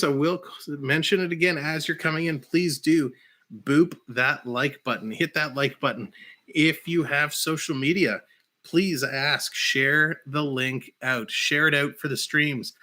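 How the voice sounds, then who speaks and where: A man hosting a casual live-stream of hockey play-by-play and chat, who bursts into shouts on big plays. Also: a little high, fairly even intonation, a little slow.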